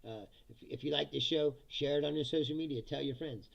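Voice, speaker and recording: A man's voice: fairly high pitch, a little fast, gravelly, dull audio. A man hosting a live-stream, talking in a blunt, profane, ranting way and often laughing between remarks. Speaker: live-stream commentary host.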